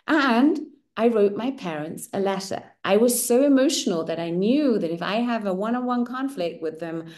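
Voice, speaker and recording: A middle-aged woman whose first language is German hosts a women's circle and shares a personal story. She speaks candidly and expressively at normal speed in a medium-pitched voice, repeatedly checking in with "right?"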